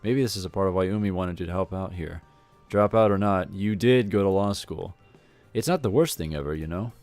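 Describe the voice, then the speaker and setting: A man's voice: deep voice, fairly quick, darkish tone, soft background music. A man reading a visual novel aloud with rambling, self-correcting, wry commentary. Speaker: video game let's player.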